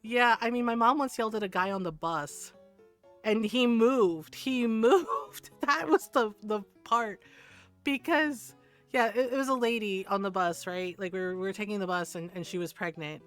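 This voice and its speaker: A woman's voice: medium pitch, moderate pace, fairly bright tone, smooth, faint music behind. A woman livestreamer chatting casually with her viewers, answering chat and telling stories with frequent laughs.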